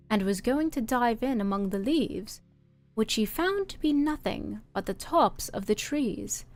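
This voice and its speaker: A woman reading a bedtime story in a calm, steady way. Her voice sits fairly high and sounds dry and close to the mic. Faint music plays underneath. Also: no echo.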